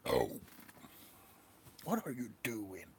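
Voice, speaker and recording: A man's voice: fairly low pitch, huge pitch swings, drawn-out words, vocal fry, background noise. A man hosting a casual livestream, rambling and laughing often as he shows off his figurines. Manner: giggly, rambling. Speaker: livestream host.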